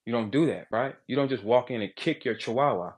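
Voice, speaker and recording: A man ranting crudely and loudly in a casual talk, profane and joking. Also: mid-range voice, brisk, breathy edge. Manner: loud, profane, jokey. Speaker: battle rapper on a live audio chat.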